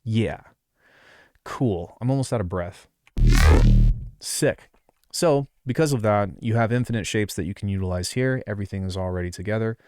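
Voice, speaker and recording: A man walks through a synth tutorial in a loose, rambling way, full of fillers and side remarks. His voice sits a little low, and the recording is dry and close with no room sound. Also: quick pace, few pauses, a little mellow, smooth, no room sound. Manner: rambling, offhand, lots of fillers and asides. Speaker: music production tutor. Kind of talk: casual screen-recorded tutorial.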